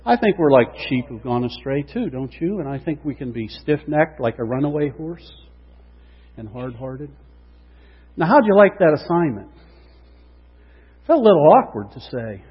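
A male pastor preaching a sermon in a church, animated, swinging from loud emphasis to hushed tones. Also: on the high side, moderate pace, pauses often, husky. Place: church sanctuary. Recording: dull lo-fi recording with long hall reverb.

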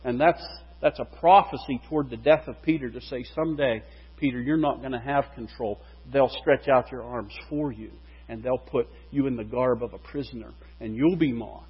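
A man preaching a sermon, animated, his voice rising and falling for emphasis. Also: medium pitch, moderate pace, husky. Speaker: pastor. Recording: dull, reverberant hall recording.

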